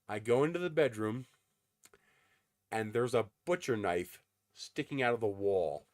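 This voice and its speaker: Man, livestream host, casual rambling chat with lots of ums, lowish voice, dry close sound. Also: lively intonation, unhurried, long pauses, darkish tone, no echo. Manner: rambling storyteller with frequent ums. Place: home in the desert.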